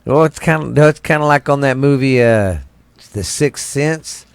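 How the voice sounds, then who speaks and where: A man's voice: mid-range voice, measured pace, creaky, clean tone, no room sound. A man with a Southern US accent chatting on a podcast, cracking crude jokes and swearing as he reacts to a ghost story. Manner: crude joking, swears, riffs on movies. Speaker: podcast co-host. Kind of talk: casual chat.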